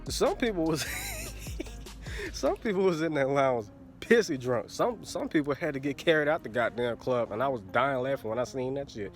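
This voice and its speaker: Crude, laughing young man telling a story. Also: medium pitch. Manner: crude, laughing, keeps saying "you know what I'm saying". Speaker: vlogger. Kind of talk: casual storytime vlog. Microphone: phone. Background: faint background music.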